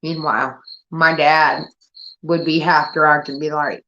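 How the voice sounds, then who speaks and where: A woman's voice: deep voice, normal speed. Woman in her 30s ranting about family, swears a lot, does the voices, muffled lo-fi sound. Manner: profane, animated, acts out family members. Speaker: streamer. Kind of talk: casual storytelling. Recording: dull lo-fi audio.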